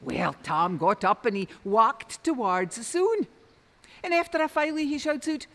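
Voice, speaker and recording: A woman with a Doric Scots accent telling a traditional folk tale in rich dialect, lilting and expressive. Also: medium pitch, a little slow. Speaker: storyteller. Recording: long reverb.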